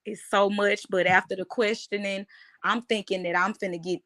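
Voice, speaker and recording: A woman, giving a halting, emotional personal account in an interview, often restarting her phrases. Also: mid-range voice, steady tone, a bit bright. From United States. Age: 30s.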